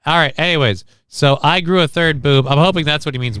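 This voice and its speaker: A man's voice: a little high, brisk, a bit bright, clear, resonant tone, dry recording, clean studio sound. A man hosting a casual livestream, reading chat and news aloud in an offhand, profane way. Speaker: livestream host.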